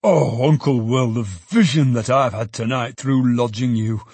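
Excited old father, voiced by a man, fond, bubbly, husky, dry. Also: mid-range voice, a little slow, dry recording. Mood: overjoyed. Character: older man, overjoyed excitable father, a porter. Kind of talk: audiobook character reading.

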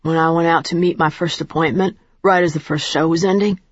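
A woman reading the lines of a sullen, touchy male club dancer of thirty, with a husky, low voice and curt delivery. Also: fairly even intonation, fairly quick, dry recording, highs cut off.

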